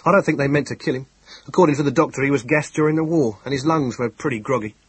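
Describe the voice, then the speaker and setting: A man reading an audiobook, voicing a calm, efficient male police inspector who speaks quietly, clearly and decisively. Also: mid-range voice, fast, no room sound, pitched above the performer's own voice, close to an everyday voice, poor audio. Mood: calm, matter-of-fact.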